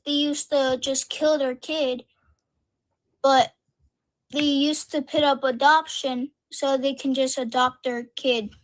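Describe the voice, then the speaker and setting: A woman calling in to an online debate, her voice high and her pace slow. She speaks hesitantly in simple phrases. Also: fairly bright tone. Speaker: debate caller.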